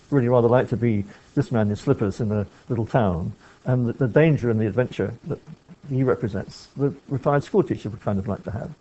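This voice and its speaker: Thoughtful man, mellow and rambling. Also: medium pitch, lo-fi sound. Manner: rambling, thoughtful, frequent restarts and asides. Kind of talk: reflective talk on film and writing.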